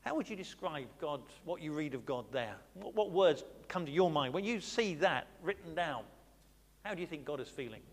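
A man's voice: on the high side, animated, normal speed, long reverb tail. A man preaching a Bible study sermon, talking conversationally and asking the congregation questions.

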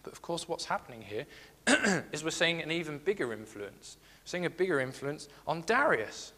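A man's voice: fairly high pitch, sing-song, normal speed, pushed and bright, long reverb tail. A man giving a sermon, earnest and repeating his key phrases as he reads scripture aloud. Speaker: preacher.

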